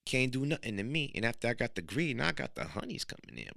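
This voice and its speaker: A man hosting a podcast, talking in a casual motivational monologue full of street slang, now and then rising into loud emphatic bursts. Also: mid-range voice, very animated, quick pace, creaky, hardly any pauses, no room sound, studio quality. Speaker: podcast host.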